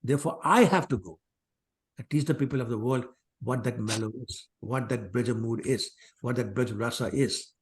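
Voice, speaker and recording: A man's voice: medium pitch, moderate pace. A man teaching a scripture class, telling the stories in a casual, digressive way and acting out the quotes. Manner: conversational, digressive, acts out quotes. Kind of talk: scripture class lecture with storytelling.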